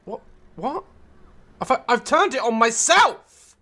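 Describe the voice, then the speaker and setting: A man's voice: very high voice, very animated, takes it slowly, pauses often, pushed and bright, slight background noise. A man giving comedic gameplay commentary, frantic and swearing constantly, yelping and cackling as things go wrong. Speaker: gaming YouTuber.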